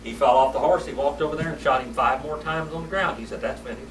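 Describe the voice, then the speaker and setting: A man's voice: fairly high pitch, fast, fairly bright tone, slight background noise. A man teaching a church Sunday School class, telling folksy stories and quizzing his students. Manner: folksy storytelling, asks the class questions. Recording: echoey room, mic far off.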